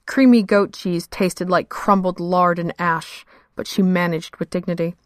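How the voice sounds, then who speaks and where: A woman narrating a fantasy story in a measured, steady storytelling manner. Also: fairly low pitch, no room sound, clean studio sound. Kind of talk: scripted fiction narration.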